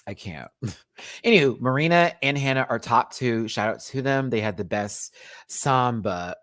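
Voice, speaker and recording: A man hosting a casual live-stream review, chatty and sassy, calling viewers honey and child, often swooping up into high exclamations. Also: lively intonation, unhurried, a bit bright, dry recording, clean studio sound. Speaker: show review host.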